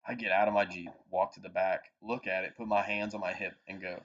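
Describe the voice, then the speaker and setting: Profane, low-voiced man telling stories. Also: a little fast, hardly any pauses. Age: 20s. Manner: profane, animated anecdote-telling. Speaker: podcast co-host. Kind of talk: casual storytelling chat. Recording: dull lo-fi podcast audio.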